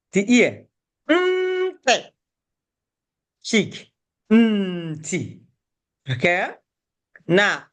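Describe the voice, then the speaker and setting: A woman's voice: mid-range voice, fairly bright tone. A woman teaching a beginner language class, patiently repeating each word and breaking words into syllables.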